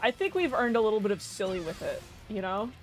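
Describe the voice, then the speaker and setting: A young woman chats and rambles her way through a game stream, swearing freely and breaking into laughter. Her voice sits at an ordinary pitch for a woman, with faint music underneath. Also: very animated, fast talker. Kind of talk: casual gameplay commentary.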